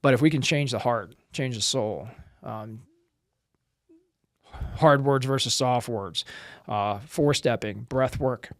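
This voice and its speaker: A man's voice: medium pitch, slow pace, pauses often, no room sound, studio quality. A middle-aged man from the United States, a former Marine and trainer, talking bluntly and intensely in a casual interview, swearing and acting out dialogue as he tells stories. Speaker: podcast guest, former Marine and firearms trainer.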